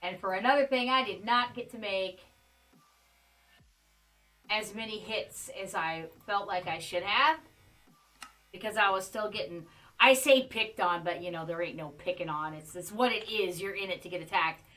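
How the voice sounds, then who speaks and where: A woman's voice: mid-range voice, normal speed, bright, forceful tone. A woman streaming a game and chatting casually with her viewers, joking as she plays. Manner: chatty, joking asides to chat. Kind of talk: casual gameplay livestream chat.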